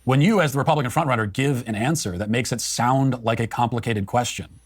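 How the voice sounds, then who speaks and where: A man's voice: medium pitch, fairly quick, dry recording, studio quality. A man giving political commentary as a co-host, in an emphatic, argumentative way.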